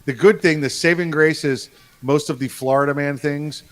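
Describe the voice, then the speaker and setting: A man co-hosting a casual podcast, talking in a relaxed, rambling way with chuckles. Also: a little high, moderate pace. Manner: laid-back, chuckling, rambling. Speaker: co-host.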